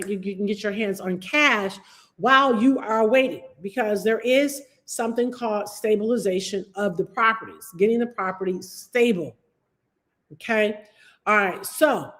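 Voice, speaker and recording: Woman, fairly high voice, emphatic, repeats key phrases, live-stream coaching talk. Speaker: real estate investing coach.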